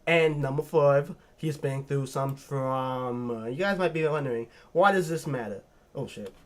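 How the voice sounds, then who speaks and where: A man hosting a video, ranking characters in a lively, profane, joking rant. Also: mid-range voice, unhurried. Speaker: video host. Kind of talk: casual ranking commentary.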